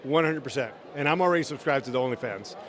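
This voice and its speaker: A man answering quick interview questions outdoors at an event, hesitant and fond of dry jokes. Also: medium pitch. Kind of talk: casual on-the-spot interview.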